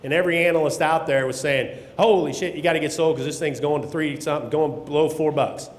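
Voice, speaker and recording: A man delivers a blunt, folksy conference talk with the odd curse word. His voice sits a little high for a man. The sound rings around a large hall with a long, roomy reverb. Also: steady tone, quick pace. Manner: blunt, folksy, mild swearing. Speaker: keynote speaker on grain marketing.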